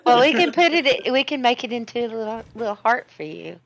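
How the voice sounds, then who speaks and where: A woman's voice: on the high side, very animated, a little fast, over a noisy crowd, voice pushed up, poor audio. A woman doing a cooing, doting mother. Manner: cooing, fussing. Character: doting middle-aged mother.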